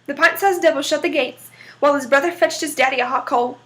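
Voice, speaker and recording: A woman with a high voice reads a folk tale aloud. She tells it in a folksy, lively way. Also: fairly quick. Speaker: storyteller.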